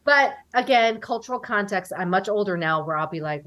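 A woman's voice: mid-range voice, a little fast. Chatty woman in her forties. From United States. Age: 40s. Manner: animated, chatty, quotes people in voices. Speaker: guest. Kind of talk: casual interview chat.

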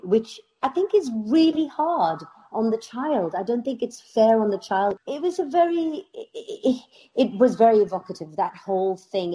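A middle-aged British woman, an actress, telling stories in a casual interview with lively laughter. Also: fairly high pitch. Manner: animated storytelling with laughs. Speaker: actress guest.

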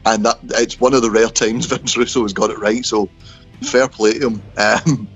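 A man's voice: fairly low pitch, steady tone, normal speed, faint music behind. A man co-hosting a casual wrestling podcast, recapping events in a wry, storytelling way. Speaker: podcast co-host. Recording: dull, lo-fi remote call.

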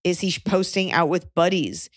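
Brief: woman podcast host, low voice, close dry mic, chatty and blunt. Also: normal speed, no room sound. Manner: chatty, frank, joking asides. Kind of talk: casual podcast chat, advice.

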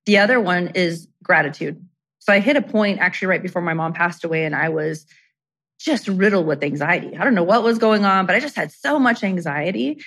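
A woman's voice: lowish voice, fairly quick, a bit bright. A middle-aged woman guest telling personal stories in casual conversation, chatty and full of "like" and "you know".

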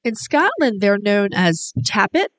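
A woman's voice: mid-range voice, big pitch swings, a little slow, fairly bright tone. Woman, podcast co-host, casual chat, explains at length, informative.

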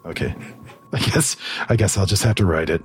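A man playing a tabletop game, speaking in a hesitant, halting way. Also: sits low, breathy edge, faint music behind. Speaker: player.

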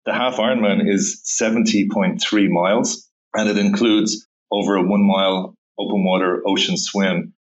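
Low-voiced Dublin Irish man. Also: fairly even intonation, moderate pace. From Ireland. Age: middle-aged. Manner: laughs easily, stammers on restarts. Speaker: guest, tech executive. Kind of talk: casual interview chat. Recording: dull lo-fi remote audio.

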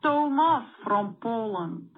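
A woman's voice: a little high, expressive, slow, husky, full character voice. A woman voicing a taunting mock-Russian tyrant in a put-on Russian accent and broken English, left as a voicemail. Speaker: voicemail caller. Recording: dull voicemail line.

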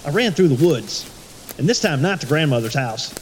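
A man voicing a lost, frantic young man who rambles about getting lost in the woods, excitable and whiny. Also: on the high side, normal speed, slight background noise, voice pushed up. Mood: distraught.

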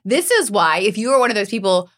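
A woman's voice: mid-range voice, sing-song, quick pace. Chatty woman co-hosting a podcast. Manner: chatty, rambling, laughs easily. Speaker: podcast co-host and news anchor. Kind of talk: casual chat. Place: Asheville area.

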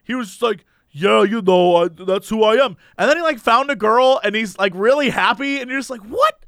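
A man casually recapping a reality show, telling stories with lively put-on voices for the people in it. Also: sits high, brisk, clear, resonant tone, dry recording, studio quality. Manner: animated storyteller, acts out quotes in voices. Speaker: podcast co-host.

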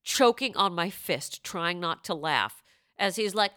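A woman's voice: fairly low pitch, lively intonation, measured pace, bright, forceful tone, dry recording, studio quality. A woman hosting a comedy podcast, playful and laughing often as she jokes and slips into silly voices. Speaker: podcast host.

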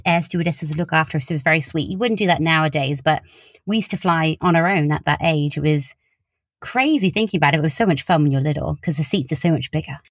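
A woman's voice: low voice, dry recording, clean studio sound. Chatty southern English young woman. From Wiltshire, England. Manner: chatty, laughs often, many "like" fillers. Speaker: interviewee, social media creator. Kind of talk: casual interview chat.

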